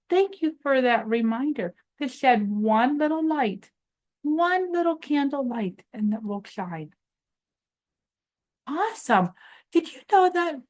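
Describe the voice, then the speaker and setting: A woman hosting a preschool morning lesson, coaxing young children through upbeat call-and-response chants. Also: a little high. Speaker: children's show host.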